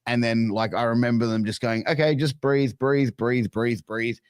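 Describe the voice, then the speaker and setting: An Australian man in his thirties, talking casually on a video call. He tells a crude, self-mocking story full of stammered restarts, in a mid-pitched voice with a dry, close sound. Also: fairly even intonation, normal speed, darkish tone, no echo. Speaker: podcast guest. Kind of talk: casual chat. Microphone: remote video call.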